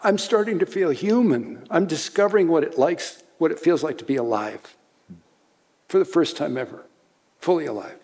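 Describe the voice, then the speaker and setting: An older man telling a warm story at a conference seminar, chuckling as he goes. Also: a little high, animated, normal speed. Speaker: speaker. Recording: long hall reverb.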